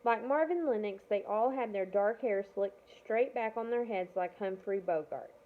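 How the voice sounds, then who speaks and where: A woman's voice: mid-range voice, normal speed. A woman reading a children's novel aloud, now and then stumbling and correcting herself. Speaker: reader of a novel. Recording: tinny phone-like audio.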